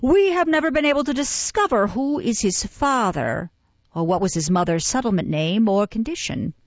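A woman's voice: a little high, expressive, normal speed, no room sound, lo-fi sound. A woman reading aloud, voicing a pompous, self-important male parish official who loves his own oratory. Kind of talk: audiobook character reading.

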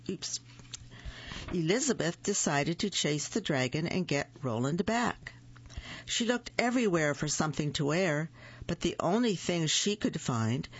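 A storyteller reading picture books aloud slowly and gently, adding small asides. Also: mid-range voice. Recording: muffled lo-fi recording.

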